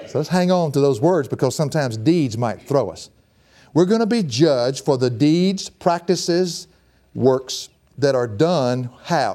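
A male preacher delivers a sermon in a folksy, emphatic manner. His voice sits slightly high for a man yet sounds mellow and warm. He keeps the delivery lively and animated.

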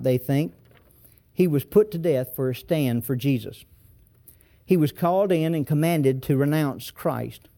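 A man's voice: a little high, dark tone. A male pastor preaching a sermon, emphatic and full of repeated rhetorical questions.

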